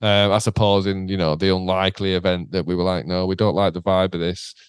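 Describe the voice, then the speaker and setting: A man's voice: low voice, level tone, a little fast, smooth, no echo. A man chats casually on a podcast, telling stories with lots of swearing and acted-out quotes. His voice sits mid-range and is recorded dry and close, with nothing of the room in it.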